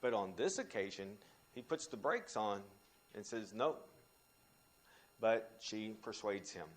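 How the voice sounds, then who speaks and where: Animated male Bible teacher. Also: unhurried. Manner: animated, frequent restarts, pitch jumps when quoting scripture.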